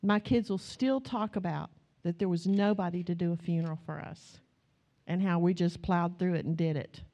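A middle-aged woman pastor, preaching a sermon with stories, swinging from low asides to loud exclamations. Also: steady tone, normal speed. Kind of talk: sermon with storytelling.

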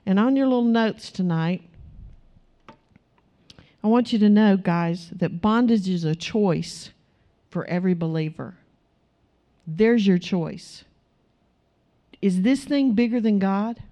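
A woman's voice: mid-range voice, takes it slowly, pauses often, warm tone. A woman preaching a sermon in church, emphatic and asking her congregation rhetorical questions.

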